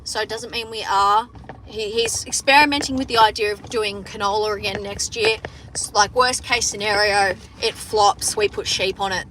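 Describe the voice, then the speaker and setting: A woman's voice: medium pitch, pushed and bright, slight background noise, low-quality recording. A young Australian woman who farms, chatting casually and bluntly on a livestream while reading comments, swearing freely. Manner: profane, blunt, joking. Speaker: farmer livestreamer.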